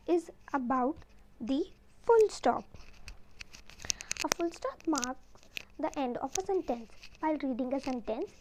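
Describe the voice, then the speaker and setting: A woman's voice: sits high, a little mellow, slight background noise, low-quality recording. A woman teaching an exam-prep lesson from slides, explaining step by step. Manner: explains step by step, repeats "then we have".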